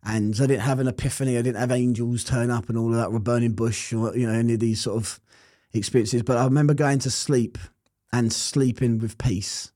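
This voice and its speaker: Earnest man, warm mellow voice. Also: mid-range voice, steady tone, fairly quick, no echo, clean studio sound. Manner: earnest, reflective storytelling. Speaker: interview guest. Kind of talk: personal testimony in an interview.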